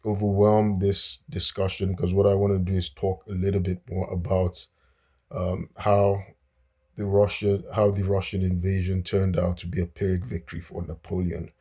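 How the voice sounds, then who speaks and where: A man's voice: low voice, level tone, normal speed, mellow, slightly rough. A man hosting a casual, unscripted history talk, with many fillers and restarts.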